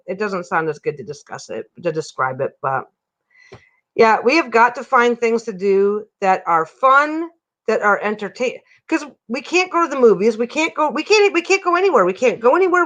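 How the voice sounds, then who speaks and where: Speaking in a fairly high, fairly bright voice, a woman chats casually on a livestream from her home. She rambles and keeps interrupting herself partway through sentences.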